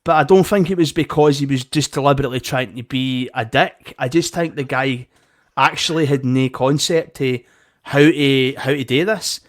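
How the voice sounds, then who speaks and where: A man's voice: mid-range voice, moderate pace. A young Scottish man telling a heated story in casual chat, swearing and acting out both sides of an argument. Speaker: podcast co-host.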